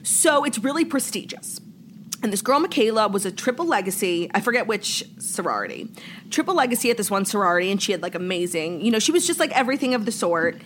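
A woman's voice: mid-range voice, quick pace, slight background noise. Chatty young woman retelling a story. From New York. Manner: chatty, heavy "like" filler, animated retelling. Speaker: podcast co-host. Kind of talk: casual chat, storytelling.

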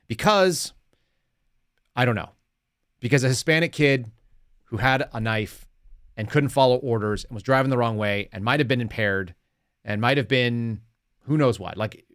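A man's voice: mid-range voice, a bit bright, no room sound. Male podcast host, mid-range voice, sarcastic running commentary, dry close recording. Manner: sarcastic, mocking asides. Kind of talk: casual political commentary. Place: home studio.

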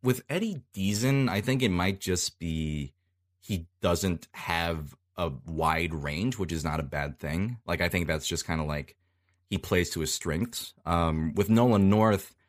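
Podcast guest, male voice actor, very low voice, unhurried and chatty. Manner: laid-back, explains at length with many pauses. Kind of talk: casual podcast chat.

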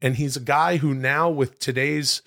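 A man co-hosting a comedy podcast, brainstorming in a casual, excitable way, swearing freely and jumping up in pitch as he riffs. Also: unhurried, creaky. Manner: animated, excitable, jumps high in pitch when riffing. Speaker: podcast co-host.

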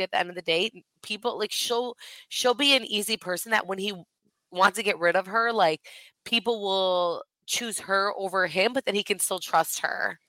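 A woman's voice: mid-range voice, dry recording, low-quality recording. Chatty woman podcast co-host, dry sound. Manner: chatty, animated retelling with quoted asides. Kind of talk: casual recap chat.

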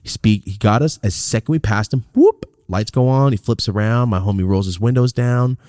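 A man's voice: fairly low pitch, moderate pace, a little mellow, dry recording, studio quality. A man casually telling a rambling, profane road-trip story as a podcast host.

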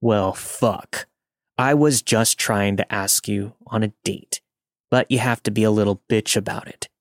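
A man's voice: on the low side, measured pace, no echo, close to an everyday voice. A man reading the lines of a pushy, leering middle-aged male trucker with a Southern drawl, in a dry close recording. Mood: angry. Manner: leering, drawling, turns crude and aggressive.

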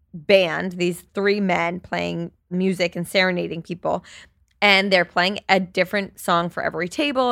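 A woman's voice: mid-range voice, no room sound, studio quality. Candid, chatty woman in her thirties. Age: 30s. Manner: candid, chatty, swears freely, animated retelling. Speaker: podcast host. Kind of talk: solo podcast storytelling.

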